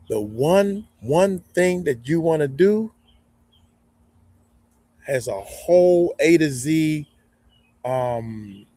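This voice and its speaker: A man hosting a casual live stream, giving folksy, rambling advice with side tangents. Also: mid-range voice. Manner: folksy, animated, rambling with digressions. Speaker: YouTube growth coach, live stream host.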